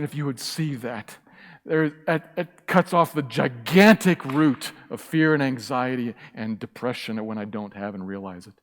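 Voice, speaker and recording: In a church sanctuary with hall reverb, a pastor preaches a sermon in a medium-pitched voice at a moderate pace. He is emphatic and impassioned, repeating key phrases.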